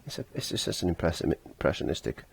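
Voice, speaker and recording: A middle-aged male painting teacher chats casually through a lesson in a low, deep voice that's creaky with a breathy edge. He talks fast with big pitch swings, often laughing at himself and letting sentences trail off as he focuses on his brushwork.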